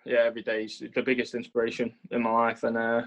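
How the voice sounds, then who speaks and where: A man's voice: medium pitch, monotone, fast talker. A young man with an English accent, a footballer answering interview questions earnestly, often repeating and restarting his words. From England. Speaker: professional footballer, interview guest.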